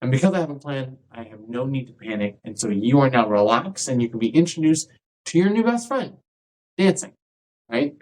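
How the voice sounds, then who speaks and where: A man's voice: mid-range voice, a little fast, low-quality recording. A man, a dance instructor, talking casually in a podcast monologue and often checking in with his listeners. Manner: conversational, keeps checking in with "right?"; acts out quoted people in lively voices.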